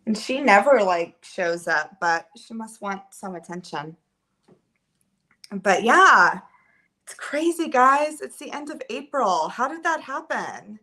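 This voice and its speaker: A woman's voice: a little high, animated, takes it slowly, pushed and bright. A woman chatting casually at home with viewers of her live stream, rambling and using many filler words, recorded by a camera on a holder. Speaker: livestream host.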